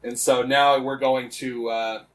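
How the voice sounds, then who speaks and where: Recorded poorly on a distant mic, a man co-hosting a podcast rambles through a game story, swearing a lot and piling on fillers and restarts. His voice is mid-range with little pitch movement, and he speaks unhurriedly.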